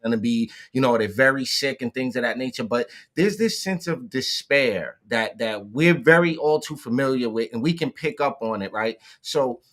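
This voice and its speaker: A man's voice: medium pitch, normal speed, few pauses, a bit bright. A man co-hosting a podcast, asking a guest casual, searching questions. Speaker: podcast co-host. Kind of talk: interview conversation.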